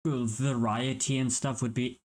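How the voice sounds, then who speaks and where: A man's voice: medium pitch, little pitch movement, moderate pace. A man hosting a reaction video, chatting casually and rambling, with the odd swear. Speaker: reaction channel host.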